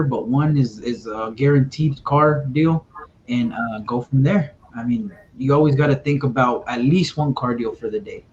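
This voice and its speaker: A man being interviewed as a car salesman, talking in a laid-back way with lots of "like" and "man". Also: a little slow. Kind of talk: casual interview talk. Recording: dull lo-fi sound with faint rumble.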